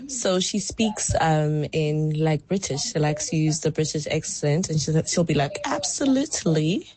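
Low-voiced amused woman caller. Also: steady tone, measured pace, mellow. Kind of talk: phone-in anecdote.

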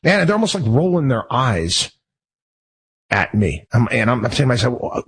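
Husky-voiced guy ranting on his show, heated, keeps restarting sentences. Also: mid-range voice, very animated, moderate pace, a bit bright, rough recording. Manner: heated, rambling, many restarts. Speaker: show host. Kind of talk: personal monologue.

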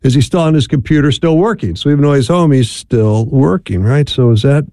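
A middle-aged man hosting a call-in radio show with a mellow, warm tone. He talks in a chatty, folksy way. The sound is dry and close, as from a studio mic. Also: medium pitch, a little fast, no room sound. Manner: chatty, folksy, laughs easily. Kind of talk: casual call-in radio talk.

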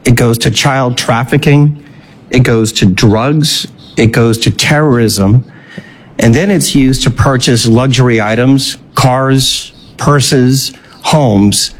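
Slow, measured man listing points. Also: mid-range voice. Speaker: interview guest. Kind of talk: broadcast interview.

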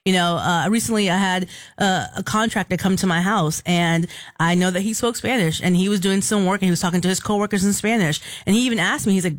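A woman's voice: on the low side, fast, no echo, clean studio sound. A woman co-hosting a radio show, telling amused stories in casual chat. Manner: storytelling, lively and amused. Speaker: radio co-host.

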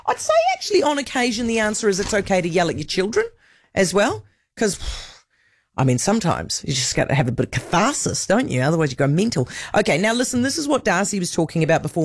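A woman hosting a talk radio show, brisk, blunt and opinionated. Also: fairly low pitch, big pitch swings, slightly rough. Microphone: studio microphone.

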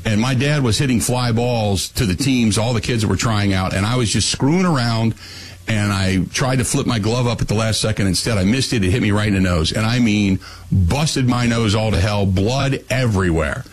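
Husky guy doing call-in radio, blunt opinions, rambles and restarts. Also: lowish voice, normal speed, low-quality recording. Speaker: radio talk show host. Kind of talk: call-in talk radio monologue.

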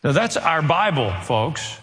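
A man preaching a sermon as pastor, earnest and pleading, acting out quiet prayers. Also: fairly high pitch, sing-song, unhurried, in a large hall, soft background music.

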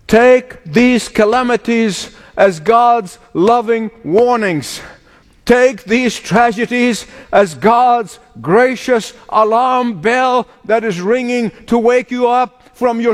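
A man preaches a sermon, his high voice swooping up and down as he lingers slowly over each phrase. He hammers his points with sudden emphatic bursts and chuckles between them. The sound carries a long reverb of a large hall. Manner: emphatic preaching with dramatic slowdowns and sudden outbursts. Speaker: pastor.

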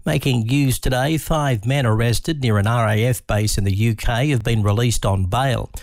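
A man reading a radio news bulletin with a steady, formal delivery. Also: medium pitch, moderate pace, gravelly, no room sound, studio quality. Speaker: newsreader.

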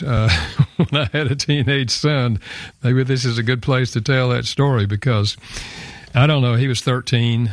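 An older man with a gravelly, creaky texture recounts a personal story as a guest author. He speaks earnestly and reflectively, with small fillers. The sound is dry and close. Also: medium pitch, no room sound. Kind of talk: personal storytelling in a radio interview.

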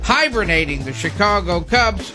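Brief: male sports radio host, higher voice, dry quips, music bed loud underneath. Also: lively intonation, moderate pace. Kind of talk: sports news rundown with banter.

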